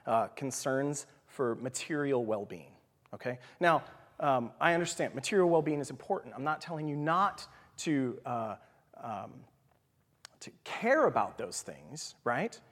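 Animated man teaching in a reverberant hall. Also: mid-range voice, moderate pace. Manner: animated, leans on "right?" and "okay?"; drops to a whisper for emphasis. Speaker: Bible study teacher. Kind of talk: conversational sermon teaching.

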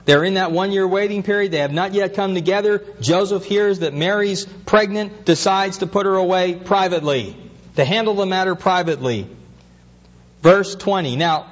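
A man's voice: high voice, normal speed, big-room sound, lo-fi sound. A pastor preaching an earnest sermon, his voice rising as he asks questions.

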